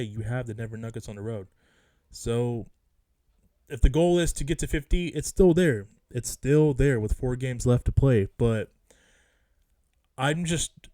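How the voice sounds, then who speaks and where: A man rants casually as a sports fan vlogger, frustrated and emphatic, circling back to the same points again and again. His voice sits in a mid register with a warm, darkish tone. The sound is close and dry. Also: medium pitch, dry recording. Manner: frustrated, emphatic, repeats himself. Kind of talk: casual rant about a basketball game.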